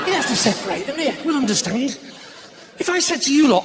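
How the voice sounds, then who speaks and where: Lively, high-voiced Northern English comedian. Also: male voice, fast, over a noisy crowd. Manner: animated, shouting punchlines, acting out voices. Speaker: stand-up comedian. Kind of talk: live stand-up comedy. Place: theatre stage with audience. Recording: live theatre recording with faint room noise.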